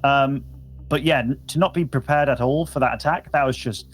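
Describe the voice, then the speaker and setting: A man's voice: medium pitch, moderate pace, faint music behind. Chatty English man casting esports. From England. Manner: chatty, casual, lots of fillers. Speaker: esports caster. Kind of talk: play-by-play commentary.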